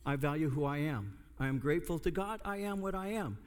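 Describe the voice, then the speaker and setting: Speaking briskly in a fairly high, animated voice, an older American pastor preaches and tells a story laced with comic asides. The sound echoes with long hall reverb.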